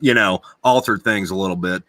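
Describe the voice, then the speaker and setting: Man, podcast host, bright forceful voice, dry close sound, rambling, swears a lot. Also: low voice, brisk, no room sound. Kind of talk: casual chat.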